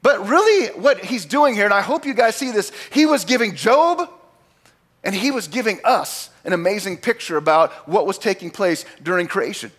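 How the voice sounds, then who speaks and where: A man preaching a sermon as pastor, talking casually to his congregation and acting out quoted lines with big jumps in pitch and loudness. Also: normal speed. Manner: animated, acts out God's lines with big swings in pitch and volume; conversational asides to the congregation.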